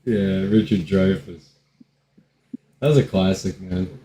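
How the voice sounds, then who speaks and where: A man's voice: low voice, takes it slowly, warm tone, a little hiss or hum. A man chatting casually on a stream as co-host, laid-back and swearing now and then. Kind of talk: casual chat.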